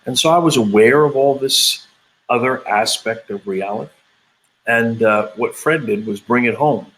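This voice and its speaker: A man's voice: mid-range voice, moderate pace, a bit bright, poor audio. A man in his fifties, a channeler being interviewed, telling his story in a rambling way with many hesitations and quoted dialogue. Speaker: intuitive channeler, interview guest.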